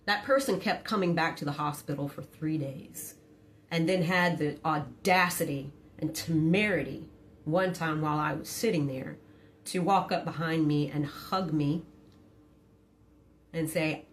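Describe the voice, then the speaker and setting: Middle-aged woman doing a storytime, low voice, cusses a lot but keeps it quiet, faint hiss of noise behind. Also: measured pace. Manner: blunt, profane and dramatic; quiet, low-key delivery. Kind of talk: casual storytime.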